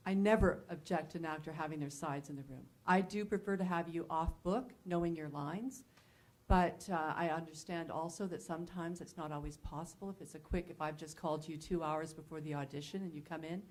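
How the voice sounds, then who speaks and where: Low-voiced woman, firm on auditions. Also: steady tone, fairly quick, darkish tone. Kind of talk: candid advice talk.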